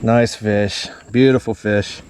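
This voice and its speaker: A man, excitedly narrating his creek fishing trip to viewers. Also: fairly low pitch, slow, a little hiss or hum. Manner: excited, drawling exclamations to viewers. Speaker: fishing vlogger. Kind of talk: casual outdoor commentary.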